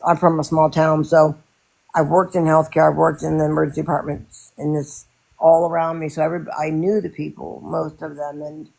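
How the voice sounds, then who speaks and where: Woman, casual live chat, gravelly voice, lots of false starts. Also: sits low, level tone, a little mellow. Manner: rambling, halting with many restarts. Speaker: podcast host and widow.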